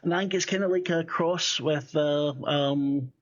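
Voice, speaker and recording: A man's voice: fairly high pitch, fairly even intonation, measured pace, muffled recording, background noise. A man running a tabletop game as game master, rambling and swearing, full of fillers and restarts.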